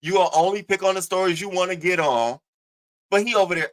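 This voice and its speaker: A man doing casual commentary to his live chat, animated, profane and mocking. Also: sits high, quick pace, poor audio. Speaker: commentary streamer.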